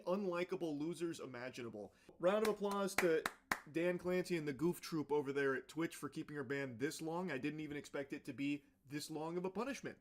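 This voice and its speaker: A man delivering ranting commentary in a scornful, exasperated way. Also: fairly high pitch. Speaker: online commentator.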